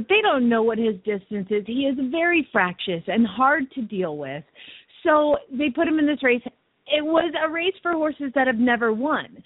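Excitable gal co-hosting radio, laughs a lot, highish voice, sounds like a tinny phone line. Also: female voice, no room sound. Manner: excitable, emotional, laughing storyteller. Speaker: radio co-host. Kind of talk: casual radio chat.

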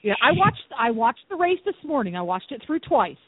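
A woman's voice: fairly high pitch, very animated, a little fast, husky, no echo. A woman calling in to a radio show, giving dry, opinionated takes like a self-styled curmudgeon. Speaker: radio guest. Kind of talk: casual radio chat. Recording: tinny phone-like line.

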